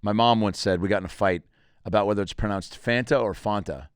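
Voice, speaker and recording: A man in his thirties, a comedian hosting a podcast, telling stories in an animated way and jumping into voices. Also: lowish voice, a little fast, smooth, dry recording, clean studio sound. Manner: animated storytelling, jumps into voices. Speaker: comedian host. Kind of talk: comic podcast monologue.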